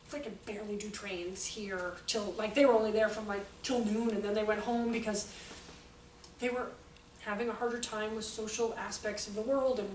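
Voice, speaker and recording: A woman's voice: medium pitch, normal speed. A woman giving an informal teaching talk to teachers, chatty and self-mocking, telling funny stories from her classroom. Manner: chatty, joking, self-mocking, lively storytelling. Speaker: workshop presenter for teachers. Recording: echoey room from far off, faint background noise.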